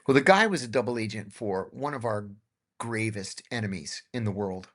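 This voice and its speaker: A man's voice: lowish voice, moderate pace, fairly bright tone. A middle-aged man hosting a podcast, telling anecdotes in a casual way and acting out the dialogue. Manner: anecdotal, acts out dialogue in his tales. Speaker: podcast host.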